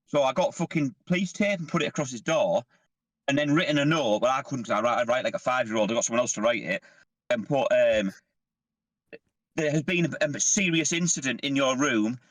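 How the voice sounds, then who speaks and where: A man's voice: mid-range voice, brisk, fairly bright tone, no room sound. A man, a podcast host, telling sweary army stories in casual chat. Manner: sweary, laughing storyteller.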